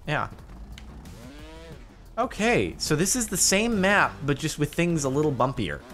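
A man hosting casual gaming commentary, animated and quick to exclaim and laugh. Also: a little high, soft background music. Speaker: host.

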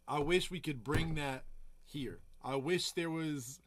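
A man producer chatting casually on a live stream, telling loose stories full of swearing and giving hyped shout-outs to viewers. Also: on the high side, takes it slowly, dry recording. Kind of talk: casual livestream chat. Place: home music studio.

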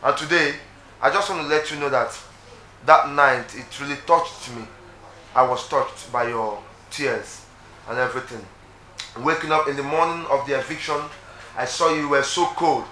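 A man's voice: medium pitch, moderate pace, sharp tone. A man giving an affectionate, earnest tribute to a departed friend on a reality show. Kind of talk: heartfelt video tribute. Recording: echoey room with faint noise.

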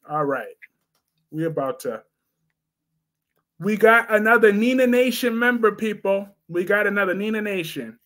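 Hosting a live stream about soap operas, a high-voiced young man reads out comments from viewers and responds to the chat with loud, sudden bursts of excitement. He's animated and laughs a lot, speaking in a loose, slangy style.

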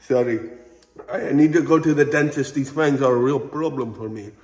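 A man's voice: medium pitch, normal speed, darkish tone, slightly rough, lightly acted. A man playing a campy fanged male vampire lord with a put-on vampire accent, theatrical and cackling, outdoors on a ranch. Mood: hammy. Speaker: wildlife ranch owner. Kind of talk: comedic in-character vlog.

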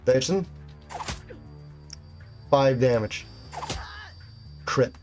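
A man's voice: mid-range voice, drawn-out words, a little mellow, soft background music. Casual man narrating a game playthrough. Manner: casual, reads game text aloud and reacts to the action. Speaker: gameplay commentator. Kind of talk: game playthrough, reading dialogue aloud.

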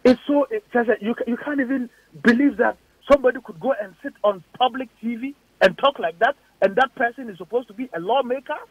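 This radio interview guest is a Ghanaian-accented politician whose voice is very high-pitched, with no room sound. He talks a little fast and hardly pauses, throwing out one indignant rhetorical question after another. The recording is dull, lo-fi radio sound.

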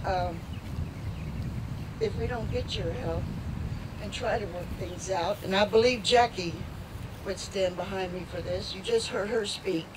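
A woman speaking at a rally, halting and heartfelt, close to tears at times. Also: mid-range voice. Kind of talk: emotional outdoor speech. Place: outdoors at a riverside lock. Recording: distant mic, loud outdoor noise.

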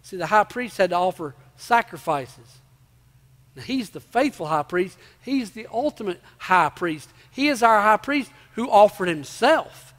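A man's voice: high-pitched, animated, measured pace, a bit bright, long reverb tail. A male pastor preaching to his congregation in a church, emphatic, repeating key phrases and asking rhetorical questions. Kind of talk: sermon. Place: church sanctuary before a congregation.

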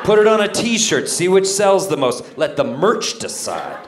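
A man doing a stand-up set in a comedy club, mock-earnest and deadpan. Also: high-pitched, a little slow, background noise. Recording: roomy club with laughing crowd.

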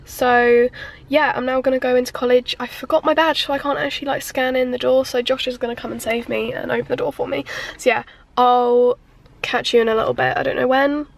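A woman's voice: high voice, fairly even intonation, fairly quick, gravelly. An eighteen-year-old British woman chatting casually to a handheld camera in a vlog, rambling with lots of "like" and "so yeah". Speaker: student vlogger.

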